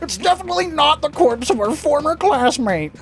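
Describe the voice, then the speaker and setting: A playful woman reading out characters' lines in a game. Her high voice carries a gravelly fry. Faint music sits behind her. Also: big pitch swings, fairly quick. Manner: playful, joking.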